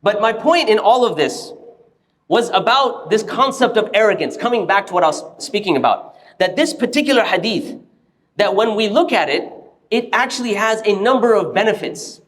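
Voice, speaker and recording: High-pitched male preacher, animated storytelling sermon, mosque. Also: normal speed. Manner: animated storyteller, acts out quoted voices. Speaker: preacher giving a Friday sermon.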